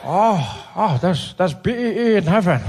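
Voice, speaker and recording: A man voicing a frail elderly statesman who talks in slow, drawn-out phrases. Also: sits high, animated, a loud crowd, heavy background noise. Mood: confused.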